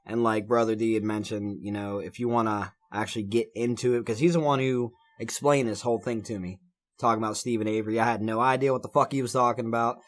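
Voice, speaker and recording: A man's voice: lowish voice, fairly even intonation, quick pace. A man co-hosting a casual podcast, blunt and crude with a slight Southern twang. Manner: crude and blunt, swears freely. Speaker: podcast co-host.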